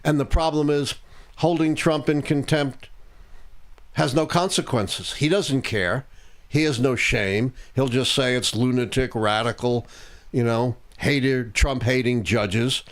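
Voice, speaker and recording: An older man speaks as a historian on a live political talk stream. He explains points in a deliberate, measured way, and his voice sits at an ordinary pitch. The sound is dry and close, with no room echo. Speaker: historian and show host.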